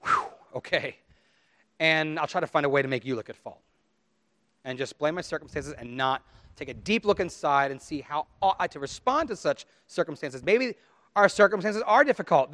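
Middle-aged male pastor, slightly high voice, dry close sound; chatty sermon delivery, voices his listeners' excuses. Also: fairly bright tone, no room sound. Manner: conversational, acts out quoted inner voices.

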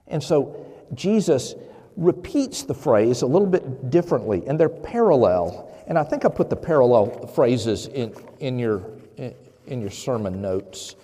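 Male pastor, casual sermon delivery with lots of "um"s, animated pitch, long hall reverb. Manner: conversational, frequent "um" fillers and restarts.

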